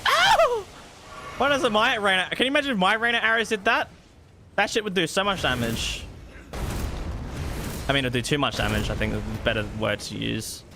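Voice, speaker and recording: A man streaming a video game, giving excitable live commentary, swearing freely and laughing often. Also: high voice, a little fast, gravelly, noisy background. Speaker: gaming streamer.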